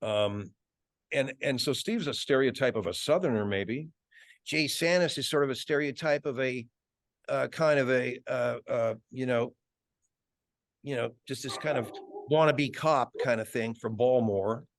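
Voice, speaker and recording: A man's voice: mid-range voice, unhurried, no room sound, clean studio sound. A man, a guest voice actor, chatting thoughtfully in an interview and slipping into character voices. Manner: reflective, many restarts, slips in voices. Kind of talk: casual interview chat.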